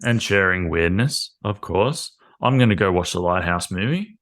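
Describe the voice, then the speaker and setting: A man hosting a podcast and chatting loosely with a guest. He jokes and laughs a lot in a somewhat low voice. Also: expressive, moderate pace, a bit bright. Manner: joking, chatty, laughs often. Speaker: podcast host. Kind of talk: casual chat.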